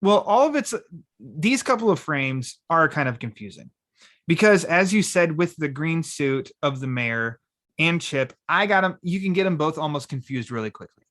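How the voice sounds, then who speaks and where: A man's voice: on the high side, very animated, normal speed, fairly bright tone. A man hosting a casual podcast chat from home, rambling a bit and playfully quoting lines. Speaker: podcast host.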